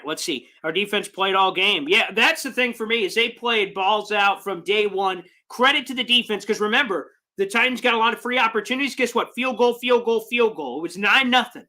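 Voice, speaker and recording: A young man hosting a sports fan livestream, reading chat comments with hyped, shouty excitement. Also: high voice. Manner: hyped, shouting bursts of celebration.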